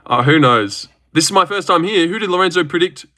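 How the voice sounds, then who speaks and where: A young Australian man hosting a casual livestream, reading viewer comments in a brash, animated way with lots of swearing. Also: fairly quick. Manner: animated and brash, swears a lot, big pitch jumps. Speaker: livestream host.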